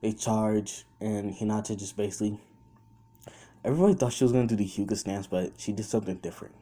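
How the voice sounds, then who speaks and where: A young man retells a made-up fan story as it comes to him. He rambles and restarts often. His voice sits fairly low and sounds mellow and dark. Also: fairly even intonation, quick pace. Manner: rambling, with many fillers and restarts; quotes characters in his own voice.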